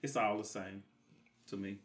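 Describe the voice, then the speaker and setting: A man from Houston, co-hosting a casual talk show, whose phrases trail off low and soft. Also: steady tone, moderate pace, crowd noise. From Houston, Texas. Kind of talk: casual chat.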